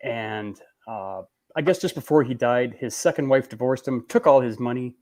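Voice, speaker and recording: A man's voice: medium pitch, moderate pace, darkish tone. A man hosting a live beer-review stream, talking in a chatty, rambling way. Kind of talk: casual live-stream chat.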